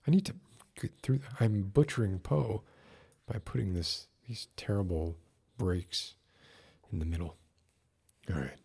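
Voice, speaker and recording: The man hosting this live stream has a lowish, unhurried voice, gravelly, dark and slightly rough. He reads a classic story in a formal put-on Mid-Atlantic accent and breaks off now and then to chat casually.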